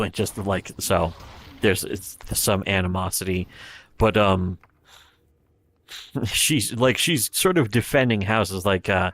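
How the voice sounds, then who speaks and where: A man's voice: deep voice, unhurried, long pauses, fairly bright tone, a little hiss or hum. A man giving rambling, profane livestream commentary, retelling scenes with quoted voices. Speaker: streamer.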